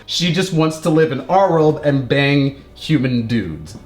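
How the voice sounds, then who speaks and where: A man tells a film's story in loose, profanity-laced chat, tripping over filler words and slipping into goofy character voices. His voice sits a little high, and the recording rings in an echoey room. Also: lively intonation, moderate pace, few pauses, faint music behind. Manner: rambling, profane, heavy on filler "like", acts out characters in silly voices. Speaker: podcast co-host retelling a movie plot. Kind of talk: casual comedic chat.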